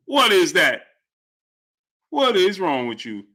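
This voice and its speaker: Male sports streamer, high and lively, bright, incredulous, repeats lines. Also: slow pace, pauses often. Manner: animated, incredulous, repeats phrases. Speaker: sports channel host. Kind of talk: live-stream commentary reading super chats.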